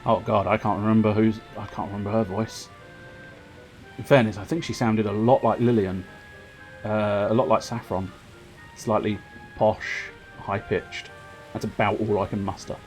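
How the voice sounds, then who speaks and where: A man's voice: fairly low pitch, fairly even intonation, normal speed, a little mellow, soft background music. A man streaming a video game, joking and rambling with frequent laughs. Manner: jokey, rambling, laughs often. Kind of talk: gaming livestream commentary.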